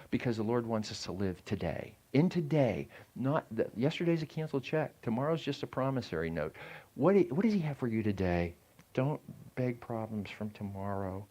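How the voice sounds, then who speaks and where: A man's voice: medium pitch, very animated, normal speed. An older man giving a sermon as a guest preacher, talking in a conversational way and asking the congregation questions.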